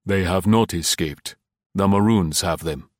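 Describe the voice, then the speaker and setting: A man voicing a calm, courteous male island cab driver who speaks quietly and evenly, in a low voice. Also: unhurried, dry recording, studio quality.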